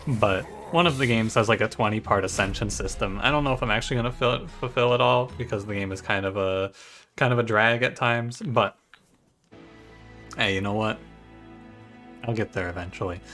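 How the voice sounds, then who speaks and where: A man's voice: fairly low pitch, a little fast, pushed and bright, soft background music. A man casually chatting to his viewers in a rambling way while commenting on his gameplay. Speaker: gaming YouTuber.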